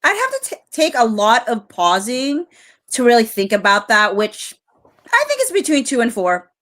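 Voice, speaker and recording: A woman's voice: fairly high pitch, very animated, moderate pace, fairly bright tone. A woman reading aloud a man's guarded, hesitant answers in a deposition during a live stream.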